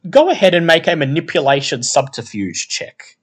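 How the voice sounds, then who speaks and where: A man narrating a horror tabletop game as game master, in unhurried, descriptive tones. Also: fairly high pitch, big pitch swings, husky.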